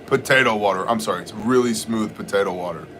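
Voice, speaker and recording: A man's voice: fairly low pitch, quick pace, a bit bright, slight background noise. Man hosting a casual livestream. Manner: joking, greets viewers, shifts into Bible teaching. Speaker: livestream host. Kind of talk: casual livestream chat, reading viewer comments.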